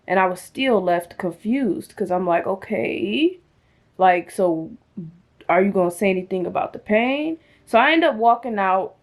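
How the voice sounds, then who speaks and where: A young woman casually telling a personal story in a chatty way, jumping into a higher voice for quoted people. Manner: chatty, animated, acts out quotes with raised pitch.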